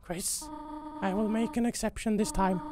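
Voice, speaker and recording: A man reading a caring, stern goat mother's lines from a game in a slow, motherly tone. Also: high-pitched, steady tone, a crowd in the background, voice pushed up, natural voice.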